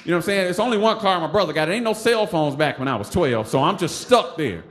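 A man, a stand-up comic telling a funny story live on stage, animated and laughing as he acts out other voices. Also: sits high, fast talker. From Detroit. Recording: roomy stage sound with noise.

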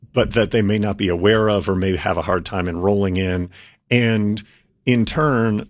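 Low-voiced man explaining policy methodically. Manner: measured, methodical, lays out points in order. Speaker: policy expert guest. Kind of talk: explanatory interview answers.

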